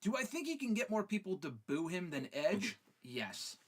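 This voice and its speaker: A man's voice: high-pitched, very animated, normal speed, fairly bright tone. A man hosting a live fan Q&A stream. He talks casually and swears freely while reading out viewer questions. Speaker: host.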